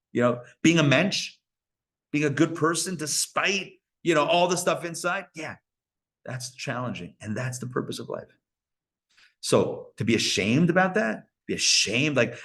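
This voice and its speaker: A rabbi giving a live Torah lecture to an audience at a community center, talking in a conversational way with playful asides to the listeners. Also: male voice, mid-range voice, expressive, moderate pace, fairly bright tone. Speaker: rabbi teaching a class.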